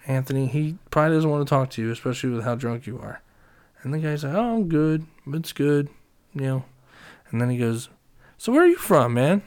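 A young man casually telling a story, swearing often and loudly acting out his friends' lines. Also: mid-range voice, fairly quick, clear, resonant tone. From Reading, Pennsylvania.

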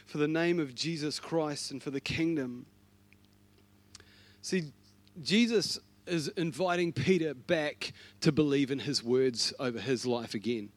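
A man giving a sermon as pastor, acting out the dialogue of the story in his own voice and building from soft, low passages to loud, impassioned ones. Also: unhurried, no room sound.

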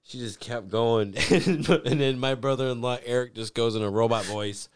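A man's voice: mid-range voice, normal speed, clean tone. A young man on a podcast with a middle-range voice, tossing off loose, rambling chatter. He swears nearly every sentence and keeps breaking into laughter partway through his own stories. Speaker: podcast co-host. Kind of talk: casual chat.

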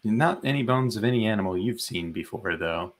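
A man running a tabletop role-playing game as game master, describing scenes in a relaxed way. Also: on the low side, fairly quick.

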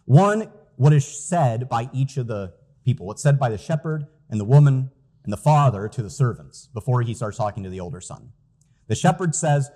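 A man's voice: medium pitch, lively intonation, moderate pace, warm tone, husky. A man preaching a sermon as pastor, earnest and emphatic, reading out scripture quotes.

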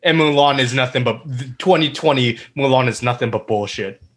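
A man's voice: medium pitch, fairly quick. A man co-hosting a casual podcast, giving heated opinions and swearing freely. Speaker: podcast co-host. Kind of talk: casual chat.

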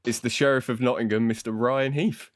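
A man's voice: medium pitch, steady tone, a little fast. A young man hosting a casual film podcast in a loose, sweary, self-deprecating way. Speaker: podcast host.

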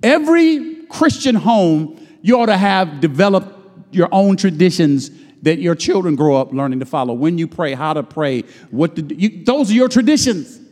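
A pastor preaching a sermon, swinging from loud shouted lines to low murmurs and drawing out his phrases. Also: normal speed. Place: church sanctuary. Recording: long hall reverb.

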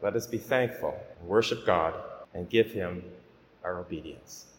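A man preaching a homily at Mass as a priest, speaking in an earnest, gently exhorting way. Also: on the low side, measured pace, a little hiss or hum. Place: church. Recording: echoey church with long reverb.

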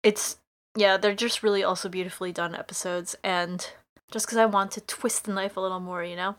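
A woman's voice: mid-range voice, steady tone. Gushing, emotional woman podcaster. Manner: gushing, emotional, quick asides. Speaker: podcast co-host. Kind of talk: casual chat, recapping a TV show.

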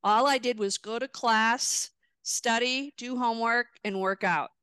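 Woman guest, higher voice, vivid storyteller, dry close sound. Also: unhurried, clean tone, dry recording. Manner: lively storyteller who acts out her own reactions. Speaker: guest, retired wheelchair racer. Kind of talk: storytelling in a podcast interview.

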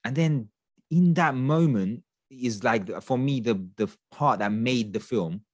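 A man casually retelling film scenes to a friend, animated and sprinkled with swearing. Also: mid-range voice, measured pace, no room sound, clean studio sound.

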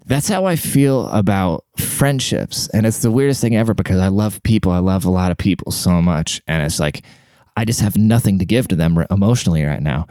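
Quiet low-voiced man in his thirties. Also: expressive, brisk, no echo. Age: 30s. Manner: quiet, half-whispered, rambling and profane. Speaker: vlogger. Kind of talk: casual rambling monologue to camera.

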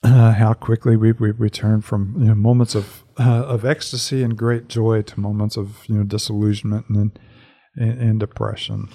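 A man with a low, gravelly voice leads a prayer and reads scripture, then reflects on it. His tone is dark and flat, and he speaks unhurriedly, pausing often with fillers. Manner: unhurried, hesitant with fillers when speaking freely.

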